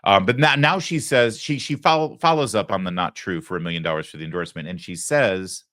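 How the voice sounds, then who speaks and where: A man's voice: low voice, a little fast, fairly bright tone. A middle-aged man hosting a political commentary show, talking sarcastically with mocking asides. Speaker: host.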